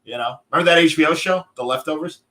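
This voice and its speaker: A man co-hosting a podcast in quick, playful, jokey banter. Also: a little high, bright, forceful tone. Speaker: podcast co-host. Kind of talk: casual banter.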